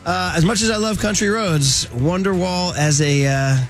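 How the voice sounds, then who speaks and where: Animated, slangy male sports radio host. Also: sits high, normal speed, faint music behind. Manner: animated, slangy, rises to near-shouts when worked up. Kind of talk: casual sports radio banter.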